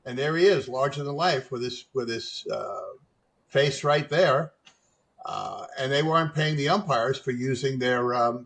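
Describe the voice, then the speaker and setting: Halting man telling lawyer stories. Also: mid-range voice, fairly bright tone. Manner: measured, halting, with frequent "uh" fillers. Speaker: guest attorney. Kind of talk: conversational interview.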